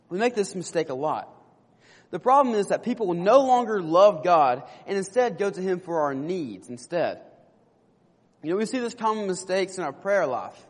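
A man's voice: high voice, big-room sound. A young man preaching a sermon, telling a story and earnestly asking the listeners questions.

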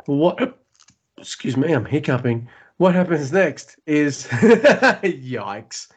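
Tipsy, excitable male podcast co-host. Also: fairly high pitch, slow, husky. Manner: excitable, swears freely, laughs often. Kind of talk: casual wrestling podcast chat.

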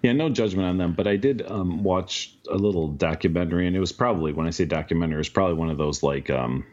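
A man's voice: deep voice, fast, darkish tone, lo-fi sound. A man co-hosting a podcast, chatting casually in a laid-back, rambling way and swearing freely. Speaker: podcast co-host. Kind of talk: casual chat.

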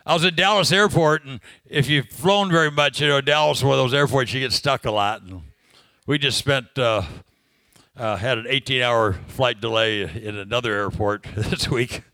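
A man's voice: medium pitch, normal speed, bright, forceful tone, dry recording. A man preaching a sermon, telling a personal story in a conversational way, laughing often and asking the congregation questions.

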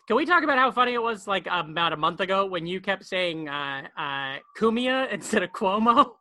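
Bright, rambling podcast guy. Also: sits high, animated. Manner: rambling, jokey, talks fast and repeats words. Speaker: podcast co-host. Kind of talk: casual chat. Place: bedroom at home.

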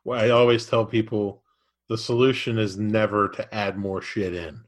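A man hosts a podcast in an easygoing interview chat. He answers his guest with short agreements and speaks in a somewhat low voice. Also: flat delivery, normal speed. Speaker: podcast host.

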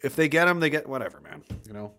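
A man hosting a casual livestream, reading viewer messages aloud and ranting, loud at times and mumbling at others. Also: mid-range voice, expressive, fast.

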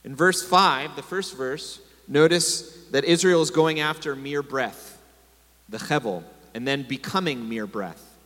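A man's voice: mid-range voice, a little slow, fairly bright tone. A man preaching a sermon to a congregation, telling stories and calling for responses. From America. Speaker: pastor. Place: congregation hall. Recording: long hall reverb.

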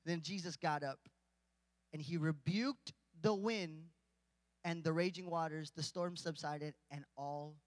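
A man's voice: fairly high pitch, measured pace, no room sound, big-room sound. A man preaching a casual, conversational sermon, joking with the congregation and rising to emphatic points.

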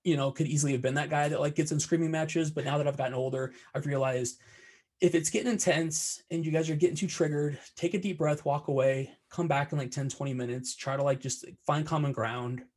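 A man's voice: a little high, steady tone, fairly quick, darkish tone. A young adult man chatting thoughtfully on a podcast, filling his sentences with "like". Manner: thoughtful, filler-heavy. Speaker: podcast co-host. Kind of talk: casual podcast chat.

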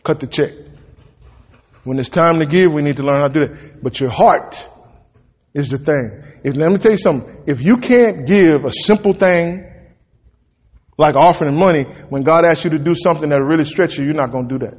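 A man preaching a sermon in a church, folksy and emphatic, with sudden loud peaks. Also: fairly high pitch, moderate pace, husky. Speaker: pastor. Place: church sanctuary. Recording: long reverb of a church hall.

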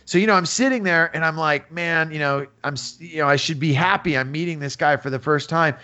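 A man's voice: fairly high pitch, a little fast, bright, forceful tone. A man from the Bay Area in his fifties, telling stories as a guest in a casual interview, rambling with many fillers. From San Francisco Bay Area. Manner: rambling, full of fillers, acts out quotes. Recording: dull lo-fi audio.

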